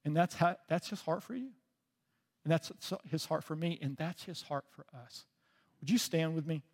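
A man preaching a sermon as pastor, telling a story with deep feeling and often dropping to a soft voice. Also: normal speed, big-room sound. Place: church sanctuary.

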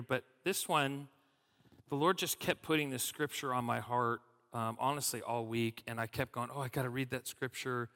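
A man's voice: mid-range voice, creaky, a bit bright, in a large hall. A man preaching a casual sermon as a guest speaker, chatty with many fillers and restarts. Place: church sanctuary.

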